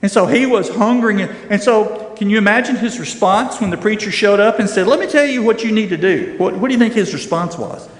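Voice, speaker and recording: A middle-aged man teaching a church Bible class, animated and acting out the voices he quotes. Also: high-pitched, a little fast, hardly any pauses. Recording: echoey room with long reverb.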